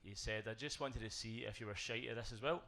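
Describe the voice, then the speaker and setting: A man's voice: lowish voice, brisk, pushed and bright, slight background noise. A British man doing a self-deprecating stand-up set made of punchy one-liners. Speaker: stand-up comedian. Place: comedy club stage with audience.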